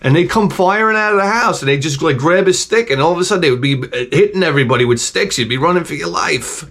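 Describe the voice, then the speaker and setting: A man's voice: fairly high pitch, lively intonation, fast talker, a bit bright. A middle-aged man hosting his own channel, telling rambling, profane stories in a casual, digressive way. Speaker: channel host.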